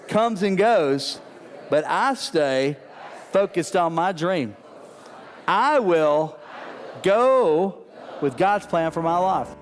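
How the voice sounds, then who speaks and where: High-voiced animated preacher man. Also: in a large hall. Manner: animated, repetitive preaching with call-and-response. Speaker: pastor. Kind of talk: sermon.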